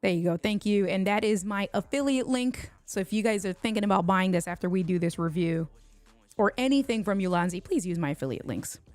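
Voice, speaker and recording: A woman's voice: medium pitch, a little fast, darkish tone, no room sound. A woman from Puerto Rico hosting a casual livestream unboxing at home, chatting and bantering with viewers in the chat. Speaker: tech livestream host.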